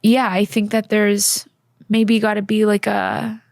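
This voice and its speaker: A woman's voice: medium pitch, little pitch movement, slow, dry recording, studio quality. A woman co-hosting a faith podcast, talking in an earnest, heartfelt way with many fillers. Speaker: podcast co-host. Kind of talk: casual faith podcast chat.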